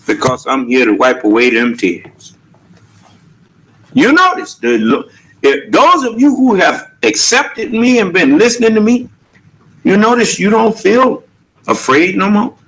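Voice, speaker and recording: Animated preaching man, high lively voice. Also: a little slow, a little hiss or hum, low-quality recording. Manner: emphatic, rhetorical questions, Southern US Black English. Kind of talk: sermon.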